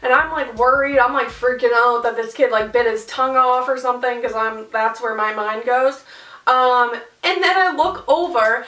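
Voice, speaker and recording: Animated young woman. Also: high voice, measured pace, recorded from a distance. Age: young adult. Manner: animated, swearing, filler-heavy. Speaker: vlogger. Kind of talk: casual storytime. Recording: roomy sound, off-mic.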